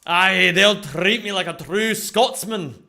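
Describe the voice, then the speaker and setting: A man voicing a mock-proud Scotsman in a slow, exaggerated Scottish brogue. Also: sits high, creaky, sharp tone, full character voice. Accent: put-on Scottish.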